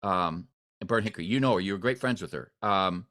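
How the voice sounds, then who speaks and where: A man hosting an interview, telling a story with expressive swings in pitch and volume. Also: fairly quick. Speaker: host.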